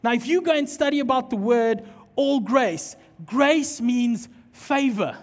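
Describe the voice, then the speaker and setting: High-voiced pastor preaching. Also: male voice, measured pace. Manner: animated storytelling, acting out dialogue. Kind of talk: sermon with storytelling. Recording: long hall reverb.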